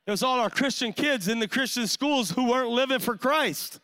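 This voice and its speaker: A man's voice: very high-pitched, a little fast, pushed and bright, smooth. A male pastor, preaching a sermon in an impassioned, storytelling way with lots of "man" fillers.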